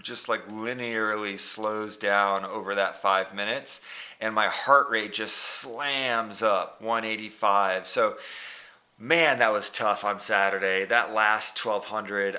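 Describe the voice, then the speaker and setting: Male vlogger, bright tone, casual rambling training recap with fillers and restarts. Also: lowish voice, steady tone, slow. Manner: rambling, self-correcting, frequent fillers.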